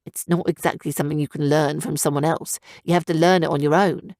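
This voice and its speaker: A woman's voice: sits low, steady tone, brisk, darkish tone, no room sound, clean studio sound, voice pushed down. A woman narrator voicing a lazy, teasing young male griffin who talks in a drowsy, offhand way.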